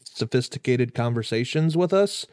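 A young man co-hosting a podcast, talking in a relaxed, rambling way and trailing off with fillers. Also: mid-range voice, moderate pace, dry recording, clean studio sound. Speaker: podcast co-host. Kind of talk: casual banter.

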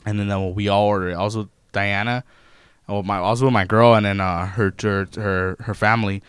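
A young man tells a story in a loud, profane, animated way. His voice is smooth and clear. It sounds close and dry, with no room around it. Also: on the low side, brisk, no echo. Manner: profane, animated retelling of customer-service run-ins. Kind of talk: casual storytelling chat.

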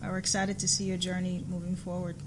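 A woman's voice: lowish voice, monotone, brisk. A woman hosting a podcast, upbeat and friendly in casual chat. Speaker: podcast host. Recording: audible background noise.

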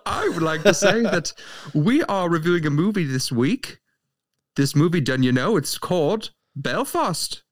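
A man's voice: on the high side, expressive, drawn-out words, long pauses, fairly bright tone, no echo, clean studio sound, voice pushed up, heavily acted. A man putting on an exaggerated stage Irish voice in a hammy, singsong manner, joking on a podcast. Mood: playful.

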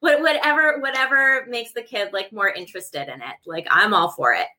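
A woman's voice: medium pitch, moderate pace, sharp tone. A woman who writes children's books, talking casually in an interview in a bubbly, giggly way with many restarts. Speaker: children's book author and entertainer.

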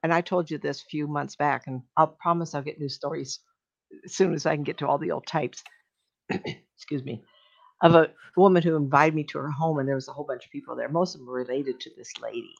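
An older woman, a medium, telling stories in a casual, animated way on a talk show, acting out the voices she quotes and laughing often. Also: sits low, brisk, vocal fry. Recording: dull lo-fi sound.

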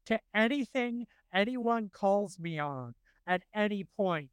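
A man in his forties talks in relaxed podcast chat, his fairly high voice carrying a smooth, resonant tone. He gets animated and slips into funny voices to quote cartoon lines. The sound is dry and close. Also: slow, no echo. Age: 40s. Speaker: podcast co-host. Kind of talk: casual chat.

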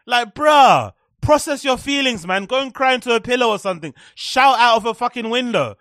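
High-voiced man ranting sarcastically. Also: expressive, fast, pushed and bright, no echo, studio quality. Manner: sarcastic, profane ranting with mocking impressions. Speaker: podcast host. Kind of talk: comedic commentary on clips.

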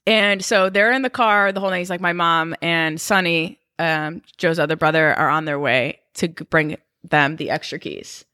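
Bright-voiced young woman telling stories. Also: deep voice, normal speed, hardly any pauses, smooth, no room sound, studio quality. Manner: animated, swearing, acts out quotes. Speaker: podcast co-host. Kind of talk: casual storytelling chat.

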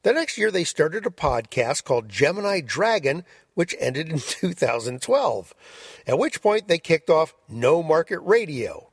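Brief: male podcast host, husky, lively pitch, dry close sound. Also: a little slow, no room sound. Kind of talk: introducing clips.

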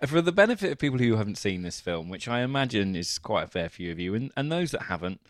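A man co-hosting a casual film podcast, giving wry, deadpan summaries and jokes. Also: lowish voice, fast talker, dry recording, studio quality. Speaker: podcast co-host. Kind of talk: casual film-review chat.

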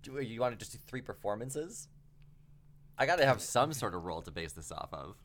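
Lively game master; swoops in pitch, keeps the scene moving. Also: fairly quick. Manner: lively, laughing. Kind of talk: running a tabletop game.

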